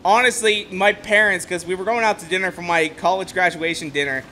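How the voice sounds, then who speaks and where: Brief: young male streamer, high, bright voice, excitable and rambling, casual game chat. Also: brisk, slight background noise. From Ohio, USA. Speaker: gameplay streamer. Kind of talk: casual gameplay commentary.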